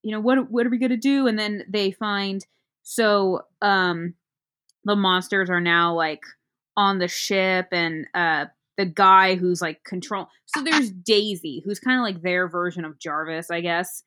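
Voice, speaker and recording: A woman's voice: on the low side, pushed and bright, smooth. Woman rambling thru a movie recap, casual podcast chat, lots of ums. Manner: rambling, halting, with many fillers.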